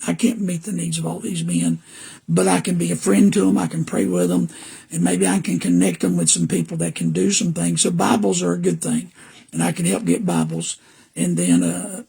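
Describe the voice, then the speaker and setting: A man's voice: high-pitched, gravelly, darkish tone, slightly rough. An older man with a Southern US accent, a preacher whose voice is weak and damaged, talking earnestly and rambling a little as he greets listeners by name. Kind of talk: casual podcast talk to live viewers.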